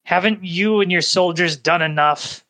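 A man voicing a grieving middle-aged father who is crying and speaks in halting restarts. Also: high voice, sharp tone, voice pushed up. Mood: bitter rage. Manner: tearful, breaking, halting restarts.

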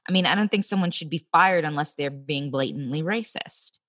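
A woman with a fairly low voice gives her opinions earnestly in a casual podcast talk. The recording is dry, with no room sound. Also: a little fast, a bit bright, no echo. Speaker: podcast co-host.

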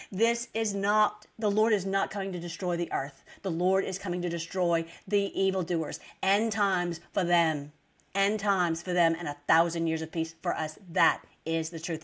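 A woman preaching an informal online sermon, emphatic and repetitive, often checking in with her listeners. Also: medium pitch.

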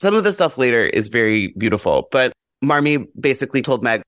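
A man of middle pitch chats as a podcast guest about a book, animated and blunt, with casual swearing. He acts out quoted lines with sudden jumps in pitch. The sound is close and dry. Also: brisk, few pauses, no room sound.

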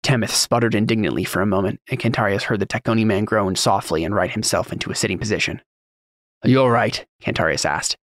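A man narrating a fantasy audiobook in a steady, even storytelling read. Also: lowish voice, fast talker, few pauses, no echo, clean studio sound.

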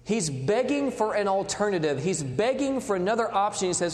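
A man preaching a sermon, dramatic, dropping to hushed tones and rising again. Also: high voice, big pitch swings, fairly quick. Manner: dramatic, swings between loud and hushed. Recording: long hall reverb.

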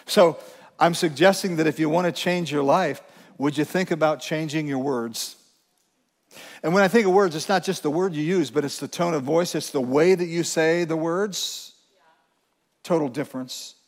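A man preaching a sermon as pastor to his congregation, speaking earnestly and slowing down to read scripture with emphasis. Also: a little high. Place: church sanctuary. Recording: long reverb from a large church hall.

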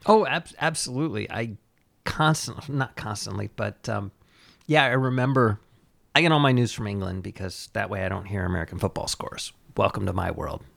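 A man's voice: fairly low pitch, animated, fairly quick, vocal fry, fairly bright tone. A man in casual conversation, chiming in with wry jokes and retelling things he has read. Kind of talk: casual chat.

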